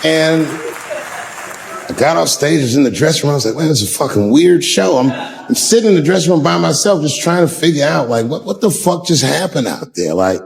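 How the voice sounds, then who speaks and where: A man's voice: on the high side, sing-song, fairly quick, vocal fry, some chatter behind, poor audio. A man doing stand-up comedy, telling long profane stories in a loose conversational way. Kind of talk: stand-up storytelling.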